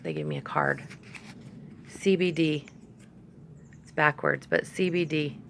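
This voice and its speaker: A woman's voice: sits low, wildly swooping pitch, a little slow, vocal fry. A woman vlogger telling a rambling, chatty story to her phone camera, stopping now and then to talk to her dogs. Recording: faint background noise.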